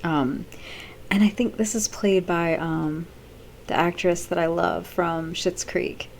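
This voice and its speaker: A woman's voice: on the low side, steady tone, slow, gravelly, darkish tone, a little hiss or hum. A middle-aged woman vlogging in casual chat, rambling off the cuff with many fillers.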